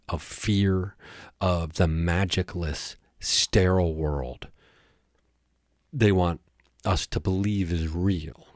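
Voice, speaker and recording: A man's voice: deep voice, darkish tone, no room sound, studio quality. A man hosting a podcast, talking in a rambling, jokey yet earnest casual monologue. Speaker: podcast host.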